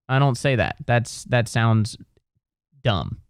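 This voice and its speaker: A man's voice: medium pitch, very animated, normal speed, pauses often, no room sound, studio quality. A man from Ohio, hosting a solo comedy podcast in a rambling, profane rant full of restarts. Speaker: podcast host.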